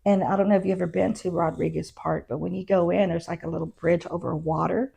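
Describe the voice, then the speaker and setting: A woman's voice: on the low side, steady tone, fast talker, gravelly, dark tone, husky. A middle-aged woman and former constable, a guest in an interview, telling her story casually and acting out what others said. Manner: conversational, retells events with quoted dialogue.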